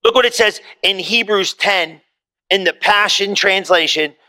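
A man preaching a sermon to a congregation in a conversational, animated way, swinging widely in pitch and pace. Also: unhurried. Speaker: pastor. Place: church hall before a congregation.

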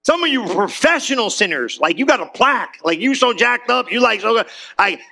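A high-pitched, gravelly male pastor preaching with bright, forceful energy. Middle-aged, he jokes and keeps calling out to the congregation. His delivery is animated and playful. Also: a little fast. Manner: animated, joking, calls out to the congregation. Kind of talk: sermon.

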